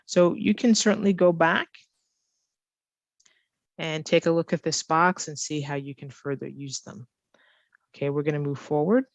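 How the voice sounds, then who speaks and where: A woman ESL teacher explaining grammar and pronunciation, slowly repeating key phrases for learners. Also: sits low, fairly even intonation, no room sound. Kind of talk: slow, careful teaching explanation.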